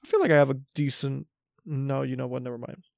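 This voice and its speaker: A man's voice: medium pitch, fast, vocal fry, a little mellow, no echo, clean studio sound. A man in his twenties co-hosting a podcast, chatting casually and thinking aloud in a rambling way. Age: 20s. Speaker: podcast co-host. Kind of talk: casual chat.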